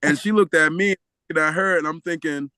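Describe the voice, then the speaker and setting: A man telling a story as a podcast guest, animated and often laughing, acting out the voices of the people in it. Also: fairly high pitch, a little fast, clear, resonant tone, no room sound. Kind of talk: storytelling in a casual interview.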